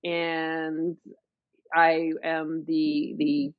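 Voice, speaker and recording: A woman's voice: low voice, monotone, drawn-out words, no echo. A woman co-hosting a casual wrestling podcast, telling a rambling story and laughing often. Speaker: podcast co-host. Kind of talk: casual chat. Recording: dull lo-fi dry sound.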